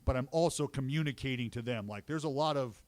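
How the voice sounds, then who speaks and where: A man who calls baseball games, chatting casually on a podcast and telling animated stories, swearing freely. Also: mid-range voice, a little fast, no echo. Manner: excitable storyteller who swears and gets loud reliving plays. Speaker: baseball broadcaster and podcast co-host. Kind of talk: casual chat.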